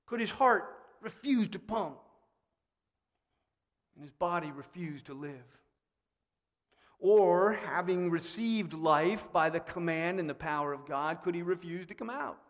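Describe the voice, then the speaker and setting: A man preaching a sermon in a church, animated and fond of rhetorical questions. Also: high voice, a little slow, pauses often. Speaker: pastor. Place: church sanctuary. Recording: long reverb in a church hall.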